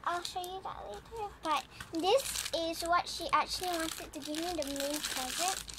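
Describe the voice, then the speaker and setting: A young female vlogger opening a gift, excitable and quick to squeal with delight. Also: extremely high pitch. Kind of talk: gift unboxing vlog. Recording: background noise with paper crinkling.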